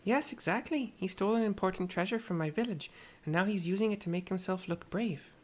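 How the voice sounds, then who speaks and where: A gamer voicing an earnest young woman warrior who blames herself, in a put-on mixed accent, reading her lines measured and serious. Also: mid-range voice, voice pushed up, close to an everyday voice. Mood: scolding.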